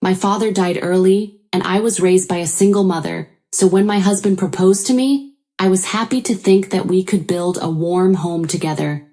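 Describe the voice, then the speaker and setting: A woman narrating a first-person story in an even, measured way. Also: on the low side.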